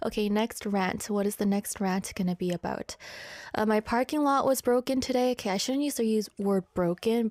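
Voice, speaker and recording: A woman's voice: on the high side, darkish tone, no room sound. A woman hosting a radio show in a studio, chatting casually in a bubbly, rambling, playful way. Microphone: studio microphone.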